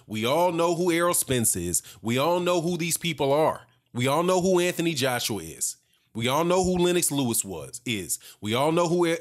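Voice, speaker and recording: A man giving heated, sarcastic opinion commentary on boxing, repeating his points for emphasis. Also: medium pitch.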